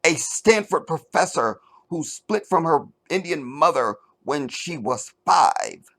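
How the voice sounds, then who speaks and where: A middle-aged man hosting a commentary show, reading an article aloud and mocking it with sarcasm, jumping between loud outbursts and low mutters. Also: lively intonation, slow. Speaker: commentary channel host.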